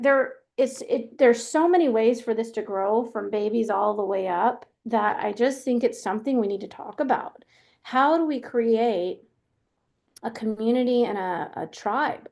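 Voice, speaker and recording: A fairly high-pitched woman hosts a webinar in a loose, conversational way. She talks in a chatty manner, full of fillers and restarts. She sounds middle-aged. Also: darkish tone. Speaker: webinar host. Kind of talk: casual webinar presentation.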